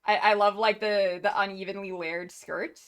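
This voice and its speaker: A woman's voice: medium pitch, fairly even intonation, moderate pace, a bit bright, clear, resonant tone. A woman streamer chatting casually on a live stream, gushing and rambling with many restarts and laughs.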